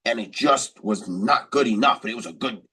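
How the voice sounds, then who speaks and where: A man's voice: on the low side, normal speed, sharp tone, slightly rough, far from the mic. A man hosting a podcast, giving rambling, motivational sports commentary with lots of repetition and fillers. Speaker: podcast host.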